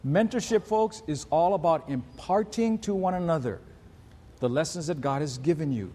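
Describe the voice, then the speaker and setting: A man's voice: a little high, expressive, normal speed, dark tone. A man preaching a sermon, earnest and laying out his teaching in numbered points. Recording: reverberant hall.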